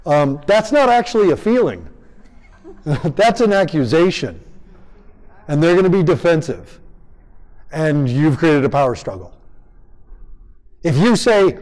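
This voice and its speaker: A man's voice: fairly high pitch, measured pace, pauses often, poor audio. A man giving a live parenting workshop to an audience, acting out how parents talk to children and asking the room for answers. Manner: animated, acts out parent-child exchanges.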